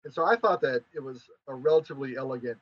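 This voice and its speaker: A man's voice: mid-range voice, fast, highs cut off. A man speaking as a podcast guest, with a wry, dry humor. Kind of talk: casual discussion.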